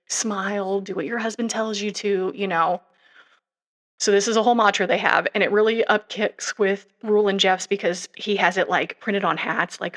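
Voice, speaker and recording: A young woman with a mid-range, fairly bright voice co-hosts a podcast of casual true-crime chat. She retells the story loosely and meanderingly, peppered with fillers and asides.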